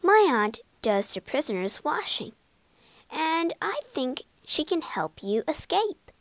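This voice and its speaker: A woman voicing a kind young jailer's daughter who speaks gently, in a storybook reading. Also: high-pitched, sing-song, slow, no echo, pitched above the performer's own voice, full character voice. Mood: kindly.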